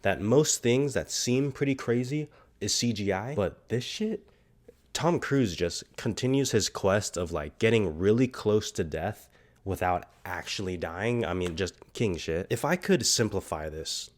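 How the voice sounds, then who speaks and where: Young male reviewer, stuffy nose, excitable and profane, slightly low voice. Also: unhurried. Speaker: film reviewer. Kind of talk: casual vlog review.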